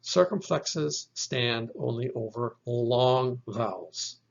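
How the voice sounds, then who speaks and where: Slow, gravelly man teaching a lesson. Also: medium pitch, expressive. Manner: slow, deliberate explaining with repeated example words. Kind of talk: recorded language lesson. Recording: dull lo-fi recording.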